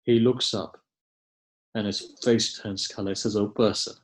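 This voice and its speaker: A man giving a mournful sermon, recounting a tragedy in slow, grieving storytelling with dramatic pauses, sometimes dropping almost to a hush. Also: fairly low pitch, steady tone. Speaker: preacher. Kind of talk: mournful majlis sermon narration.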